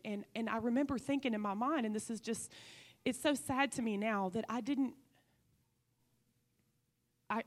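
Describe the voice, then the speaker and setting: A woman giving a personal testimony in a church, speaking earnestly and conversationally with many fillers. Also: fairly high pitch. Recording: long hall reverb.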